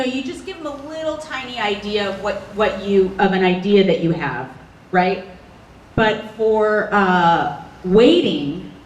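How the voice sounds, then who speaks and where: A voice actress answering questions on a convention panel, animated and bubbly, laughing often. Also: female voice, medium pitch. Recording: echoey hall audio from a distance.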